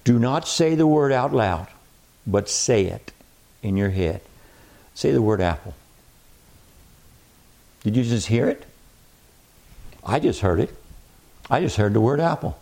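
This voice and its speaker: Mellow-voiced man preaching a sermon. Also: mid-range voice, expressive. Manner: emphatic, repeats key phrases, slows on scripture.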